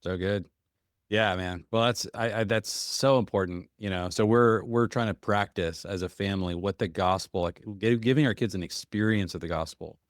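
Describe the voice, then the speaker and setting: Male podcast host, low voice, earnest and reflective, dry close-mic sound. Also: normal speed, no echo. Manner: earnest, reflective, many fillers. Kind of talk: casual faith-based conversation.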